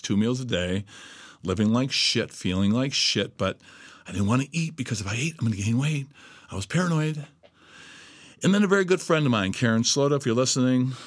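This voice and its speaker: A man's voice: fairly low pitch, dry recording. A middle-aged man giving a profane motivational monologue, blunt and emphatic, swearing constantly. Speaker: host.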